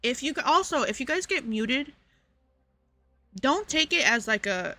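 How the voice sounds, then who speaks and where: A woman's voice: high-pitched, lively intonation, a little slow, pushed and bright. A woman streamer talking casually to her chat, rambling with lots of fillers and asides. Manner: rambling, filler-heavy, addressing chat directly.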